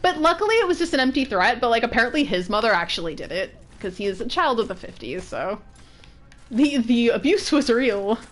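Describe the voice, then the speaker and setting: A woman's voice: fairly high pitch, big pitch swings, brisk. A young woman chatting casually while playing a video game, laughing and thinking aloud when puzzled. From northern United States. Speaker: streamer. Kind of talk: casual gameplay commentary.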